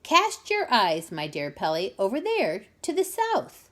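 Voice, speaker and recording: A woman's voice: medium pitch, very animated, measured pace. A woman voicing a grand, know-it-all but kindly elderly duke in a storybook reading.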